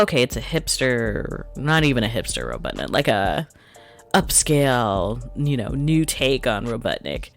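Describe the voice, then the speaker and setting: A young woman hosting a podcast, telling a movie story in a casual, animated way with frequent laughter. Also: extremely low pitch. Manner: animated storyteller, laughs often, acts out quotes. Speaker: podcast host reviewing a movie. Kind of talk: casual chat.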